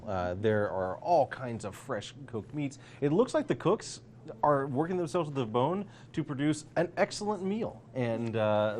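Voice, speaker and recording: A man narrating a tabletop game as game master, animated with many fillers. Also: mid-range voice, slight background noise.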